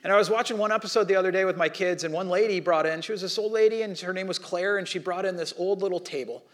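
A man preaching a sermon as pastor, telling a story with animated, acted-out quotes and dropping soft and low for prayerful lines. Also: fast talker.

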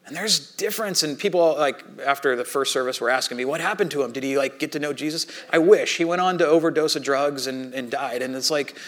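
Middle-aged pastor, sermon delivery, casual storyteller who acts out dialogue, slightly raised male pitch. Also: fairly quick, few pauses, fairly bright tone.

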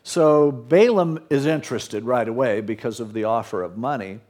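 A man's voice: mid-range voice, moderate pace, darkish tone. A male pastor preaching a sermon, retelling scripture in casual modern speech.

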